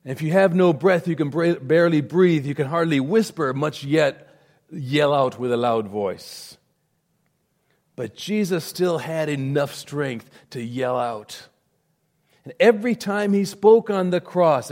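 A male pastor preaching a sermon. He swells into loud emphasis and then drops to a near hush. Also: fairly high pitch.

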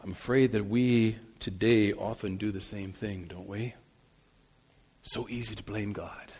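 A male pastor preaching a sermon, swinging between loud emphasis and soft asides. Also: lowish voice, steady tone, measured pace, slightly rough, long reverb tail.

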